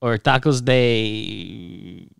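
A man hosting a podcast in casual chat, relaxed and slangy, calling his guest bro and man. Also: lowish voice, extremely slow, gravelly, clean tone, no echo, clean studio sound. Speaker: podcast host.

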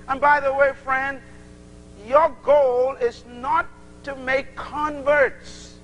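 This very high-pitched preacher from the Bahamas takes his time, animatedly performing small dialogues as he teaches the congregation. Slight background noise marks the poor-quality recording.

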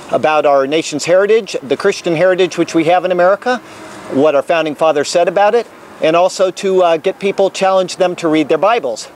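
A man with a high voice preaches in the open air as a traveling minister. He reads prayers and scripture earnestly and solemnly. Faint background noise is heard outdoors. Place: outdoors on capitol grounds.

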